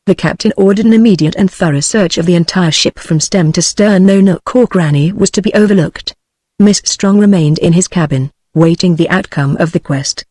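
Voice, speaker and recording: A text-to-speech woman's voice with a British accent, reading a novel aloud in a steady, even way. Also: on the low side, moderate pace, no echo. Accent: British English. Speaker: audiobook narrator.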